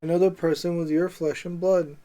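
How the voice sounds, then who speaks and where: Man reading as a grieving young man, earnest, flat, mellow, slightly raised pitch. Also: a little fast, natural voice. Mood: pleading. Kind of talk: reading a story aloud.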